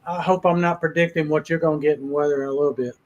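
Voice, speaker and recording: Brief: male host, folksy rambling storyteller, slightly higher pitch. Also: steady tone, quick pace, muffled recording. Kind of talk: casual livestream chat.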